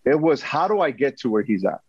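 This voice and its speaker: A man telling a story as an interview guest, animated and acting out quotes, often repeating himself. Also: mid-range voice, brisk, breathy edge, no echo, dull audio.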